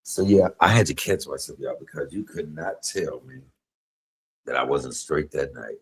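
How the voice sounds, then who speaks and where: A man's voice: a bass voice, moderate pace, slight background noise, poor audio. A middle-aged man, telling stories on a home cooking livestream, chatty and laughing. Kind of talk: casual storytelling while cooking.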